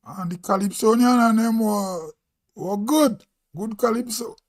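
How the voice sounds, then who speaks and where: A man with a Grenadian accent talks in a high voice on his live stream. He speaks slowly and muses aloud, checking himself as he goes. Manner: slow, musing, thinking aloud. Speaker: vlog host. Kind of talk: casual live-stream talk.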